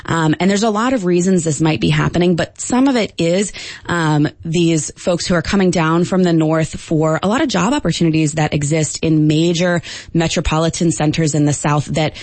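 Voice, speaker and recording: A woman linguistics professor answering radio interview questions, explaining at a measured pace with frequent ums. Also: low voice, darkish tone, no echo.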